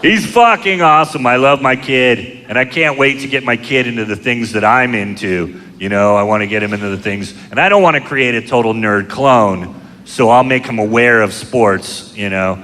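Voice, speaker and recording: A middle-aged man doing a stand-up comedy set, telling crude, self-mocking stories in a deadpan way, recorded live in a comedy club. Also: mid-range voice, moderate pace. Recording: live club show, long hall reverb, audience noise. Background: audience laughter.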